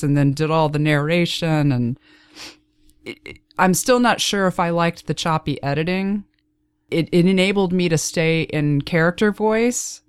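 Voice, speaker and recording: Woman with a faint Texas lilt, casual and self-deprecating; clear voice, dry close mic. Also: low-pitched, no room sound. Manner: chatty, laughs often, self-deprecating. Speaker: guest narrator. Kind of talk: casual interview chat.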